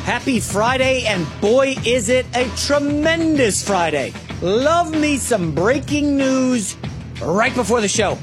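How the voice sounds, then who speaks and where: An animated male sports radio host rattles off opinions in a chatty monologue, his pitch swinging up and down. He stumbles through fillers and restarts, and soft music sits faintly behind him. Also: slow. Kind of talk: sports talk show monologue.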